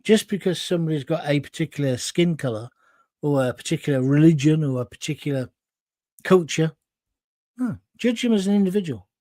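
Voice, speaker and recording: A man's voice: a little high, expressive, fairly quick, mellow, dry recording, clean studio sound. A man hosting a live stream. He reads viewers' comments aloud and answers them in a blunt, emphatic, opinionated way, with some mild swearing, and he sounds hot and sweaty. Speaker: host of a live current-affairs stream.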